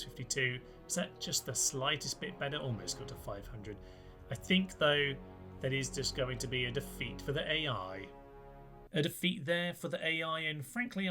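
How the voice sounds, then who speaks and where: A young man hosting a channel, giving chatty, wry gameplay commentary and thinking aloud on a close mic. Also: mid-range voice. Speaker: YouTube host.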